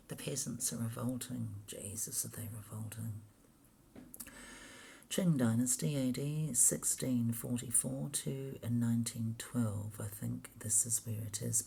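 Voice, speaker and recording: A woman's voice: a bass voice, dark tone, a little hiss or hum. A woman reading history pages aloud in a half-whispered mutter, grumbling and swearing constantly as she goes. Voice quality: often whispered, gravelly.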